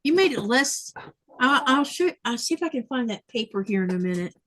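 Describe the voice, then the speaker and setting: A woman's voice: a little high, very animated, a little fast, fairly bright tone. A woman hosting a casual sewing livestream, chatting and laughing often as she reads viewer comments aloud. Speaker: livestream host.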